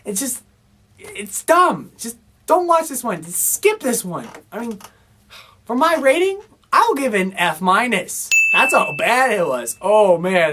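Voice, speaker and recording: A woman's voice: mid-range voice, big pitch swings, a little slow, fairly bright tone, breathy edge. A woman giving a casual, exasperated movie review, rambling and full of fillers as she complains. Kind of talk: casual film review rant.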